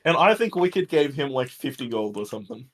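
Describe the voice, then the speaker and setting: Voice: medium pitch, big pitch swings, a little fast. Dry, teasing tabletop player. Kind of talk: casual tabletop banter.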